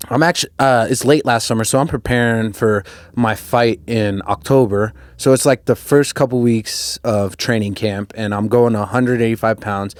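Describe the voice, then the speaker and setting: A young man from Colorado, a podcast guest telling a story casually, with lots of fillers and restarts, his voice jumping up when he gets excited. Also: medium pitch, dry recording, clean studio sound. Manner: rambling, many fillers and restarts, rises sharply when excited.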